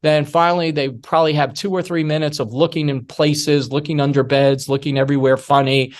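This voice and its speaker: Man, middle-aged, workshop lecturer, animated storyteller, acts out quotes, slightly high voice. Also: a little fast. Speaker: security awareness lecturer. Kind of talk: workshop masterclass talk.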